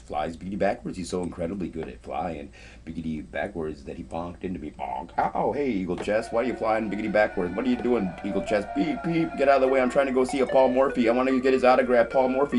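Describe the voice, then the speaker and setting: A man doing comic chess commentary in a sing-song rap style, stuffing his lines with rhyming nonsense words. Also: mid-range voice. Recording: hip hop beat playing behind the voice.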